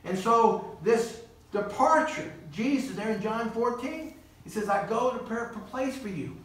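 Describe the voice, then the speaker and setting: High-voiced preacher in an echoing church. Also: male voice, unhurried, a bit bright. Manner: earnest preaching with quoted voices and asides. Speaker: guest preacher. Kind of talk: sermon. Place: church sanctuary. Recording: roomy church hall, distant mic.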